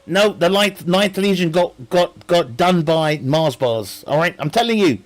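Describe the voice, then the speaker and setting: A man's voice: high-pitched, lively intonation, unhurried. A man streaming a game, chatting casually in a rambling, joking way, laughing often and swearing. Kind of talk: casual live-stream chat.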